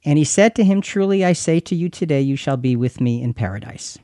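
A man co-hosting a bible talk show, chatting casually and reading verses aloud slowly. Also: a little high, lively intonation, warm tone, dry recording, studio quality. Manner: reads verses slowly and deliberately. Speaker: podcast co-host.

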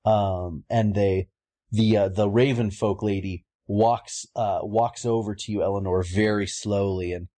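A man's voice: fairly low pitch, fairly even intonation, a little slow, warm tone. A man narrating a tabletop game as game master, hesitant with many restarts.

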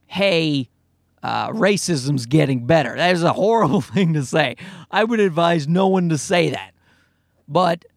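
A man's voice: sits high, no room sound, studio quality. A middle-aged man hosting a podcast, talking off the cuff in a rambling way, with tangents, fillers and casual swearing. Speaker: podcast host. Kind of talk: casual solo podcast monologue.

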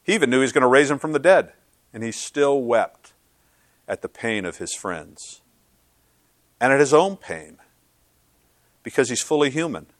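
A man preaching a sermon as pastor, earnest and swinging from loud to hushed. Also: medium pitch, animated, moderate pace, pauses often, dry recording.

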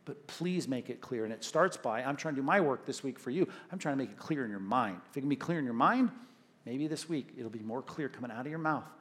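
A man preaching a sermon in an animated, conversational way, often checking in with "right?". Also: medium pitch, fast talker, slightly rough. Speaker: pastor.

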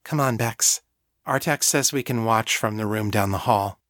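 A man voicing a calm young woman in an audiobook, coaxing a friend gently. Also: fairly low pitch, normal speed, no room sound, clean studio sound, close to an everyday voice. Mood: gentle.

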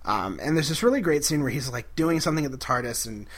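A man's voice: medium pitch, animated, quick pace. A man co-hosting a podcast, recapping an episode in casual chat, enthusiastic and giggly with lots of fillers. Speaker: podcast co-host.

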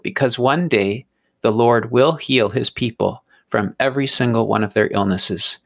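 Read this as a man explaining scripture to a co-host in a relaxed, earnest way. His voice has a gravelly edge, and he sometimes trips over small words and repeats them before going on. Keep it sincere and unhurried, like teaching someone across the table. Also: mid-range voice. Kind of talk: conversational Bible teaching.

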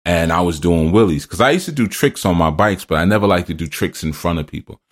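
Deep-voiced man telling a rambling story. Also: quick pace. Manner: loose storytelling, laughs at himself. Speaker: podcast host and spiritual teacher. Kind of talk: rambling teaching talk with personal stories.

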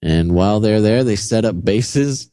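A sarcastic male podcast co-host with a deep, mellow voice. He speaks wryly and chuckles as he goes, recorded dry and close with no room sound. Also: a little slow, no room sound. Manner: sarcastic, laughing, wry. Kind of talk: casual conspiracy-theory chat.

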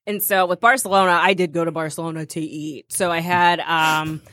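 A woman's voice: fairly low pitch, fairly quick, dry recording, clean studio sound. A woman from the United States co-hosting a show, telling travel stories in casual chat, acting out quotes and laughing often. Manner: animated storyteller, acts out quotes, laughs often. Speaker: radio show co-host.

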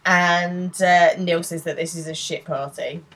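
A woman with a fairly low, slightly bright voice co-hosts a podcast, speaking a little slowly in a steady tone. She chats casually while recapping a TV episode, retelling scenes with quoted lines and laughing often.

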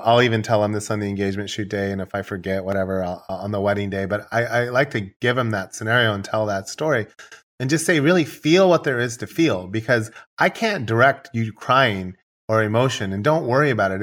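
Low-voiced man telling wedding shoot stories. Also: fast talker. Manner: relaxed, rambling storyteller who acts out his own dialogue. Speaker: wedding photographer. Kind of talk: casual podcast conversation.

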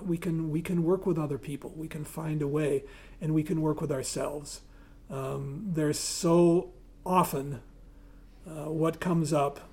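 A man giving a talk, partly reading aloud and partly speaking freely with hesitations, and often clearing his throat. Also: on the high side, a little mellow. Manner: reads aloud, then speaks with hesitations and fillers.

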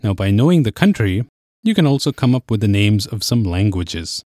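A man's voice: lowish voice, big pitch swings, moderate pace, a little mellow, no echo, clean studio sound. A man teaching a podcast language lesson, explaining patiently step by step.

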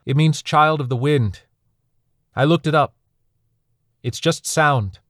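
A man voicing a grieving young survivor who pleads and shouts through tears. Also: medium pitch, fairly even intonation, moderate pace, vocal fry, slightly rough, dry recording, studio quality, pitched above the performer's own voice. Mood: bitter.

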